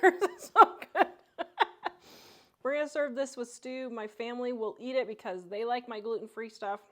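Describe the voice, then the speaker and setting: A middle-aged woman hosting a casual home cooking demonstration, chatty and homey, gushing over the food in her kitchen. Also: a little high. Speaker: cooking show host.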